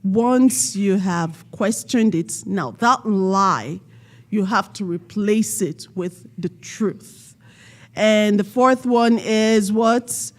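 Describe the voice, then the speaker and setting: A woman giving a motivational talk at a community event, quizzing the audience and leading them in call-and-response with slow, emphatic stress on key words. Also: medium pitch. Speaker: panel speaker.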